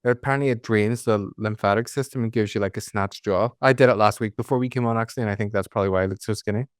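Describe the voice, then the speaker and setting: A man with a Belfast accent hosts a casual podcast chat. His voice sits a little low and sounds smooth and clear. The sound is dry and close, with no room around it. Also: fairly even intonation, fast, dry recording. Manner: chatty, rambling, full of likes and asides. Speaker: podcast host.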